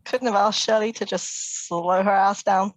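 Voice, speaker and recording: A woman's voice: mid-range voice, steady tone, measured pace, no room sound, low-quality recording. A woman playing a tabletop game, easygoing and often laughing. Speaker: player.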